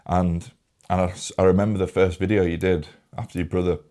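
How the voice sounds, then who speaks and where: Deep-voiced man, tearful. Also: level tone, dark tone. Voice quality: informal, swears often, halting and repetitive. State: holding back tears. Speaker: podcast host. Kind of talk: emotional casual conversation.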